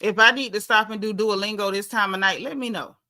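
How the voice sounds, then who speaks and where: A woman's voice: medium pitch, fairly quick, bright, forceful tone. A woman with a Southern US accent hosting a casual livestream, talking bluntly and sassily while reading out viewer comments. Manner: sassy, blunt, chatty with dialect. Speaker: livestream host.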